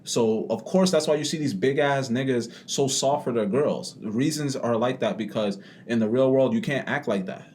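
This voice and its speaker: A young man co-hosting a podcast in casual chat, blunt and profane, talking with animated emphasis. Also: medium pitch, moderate pace, few pauses, slight background noise. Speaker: podcast co-host.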